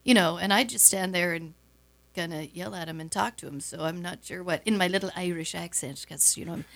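A middle-aged woman chatting as a guest in a radio studio, telling stories with quick laughs. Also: lowish voice, vocal fry, fairly bright tone. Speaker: guest, show emcee. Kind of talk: casual radio interview chat.

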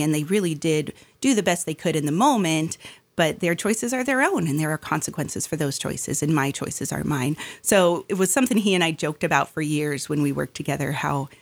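A middle-aged woman telling her life story in a relaxed conversation, acting out the voices of the people she quotes. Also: sits low. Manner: animated, acts out quoted voices.

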